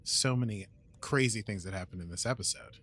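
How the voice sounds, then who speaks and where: A man's voice: on the low side, a little fast, a bit bright. A man with a British accent co-hosting a casual podcast, recapping episodes in a playful, rambling way. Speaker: podcast co-host. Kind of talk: casual chat.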